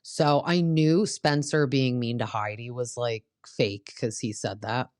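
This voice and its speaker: A woman's voice: a bass voice, fairly even intonation, unhurried, darkish tone, no echo. Chatty mom-type woman doing a reality tv recap, says like a lot, dry close sound. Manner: chatty, peppered with "like". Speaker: podcast host.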